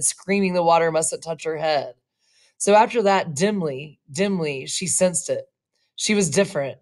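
A woman reading a short story aloud, slow and expressive, now and then adding casual asides. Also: sits low. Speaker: reader.

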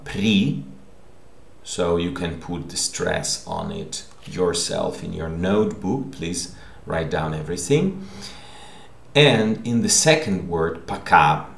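A man teaches a recorded language lesson, patiently explaining and often checking with a questioning "okay?". His voice sits low and carries a gravelly fry, and his pace is very unhurried. The room around him sounds echoey.

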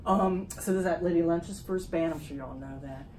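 A woman performer giving a slow, deliberate spoken-word reading in short phrases at an apartment concert, recorded on a phone camera across the room. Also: lowish voice, background noise. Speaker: experimental music performer.

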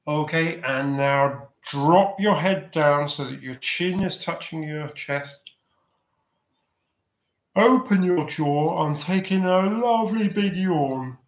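A man leading a choir's vocal warm-up over a video call, giving gentle, encouraging instructions. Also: on the high side, animated, takes it slowly, echoey room.

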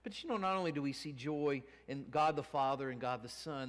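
A male pastor preaching a sermon in a church, earnest, rising from hushed to emphatic. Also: medium pitch, fairly quick, few pauses. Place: church sanctuary. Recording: long church reverb.

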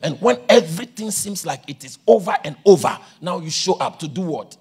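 A man preaching a sermon, shouting with passion and a sing-song cadence, with a gravelly voice. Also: high-pitched, lively intonation, a little fast.

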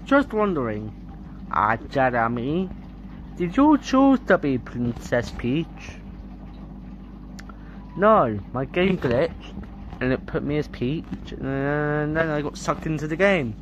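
A performer narrating a playful toy story in an excitable way, with added sound effects. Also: mid-range voice, slow, pauses often, a little hiss or hum.

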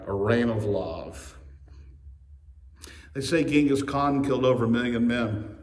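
A male pastor preaching a sermon with emphasis, slowing on key phrases and speeding through asides. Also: mid-range voice, darkish tone. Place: church sanctuary. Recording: echoey church from a distance.

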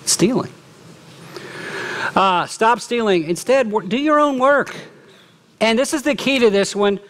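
A middle-aged man preaching a sermon as lead pastor, lively, often acting out quoted remarks. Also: very high voice, unhurried. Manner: animated, acts out quoted speech. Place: church.

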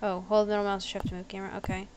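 A woman's voice: mid-range voice, little pitch movement, very fast, a little mellow, a little hiss or hum. A woman giving chatty, giggly, self-deprecating commentary as she plays a computer game at home. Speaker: gaming video creator.

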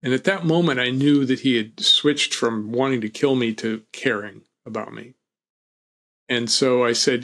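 Man, interview guest, mid-range pitch, reflective, calm, wry storyteller. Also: moderate pace. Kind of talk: personal storytelling.

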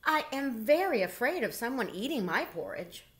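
A woman's voice: on the high side, moderate pace, voice pushed up. A woman doing a nervous, fussy storybook bear. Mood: anxious. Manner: anxious, excitable. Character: timid, fussy young male bear.

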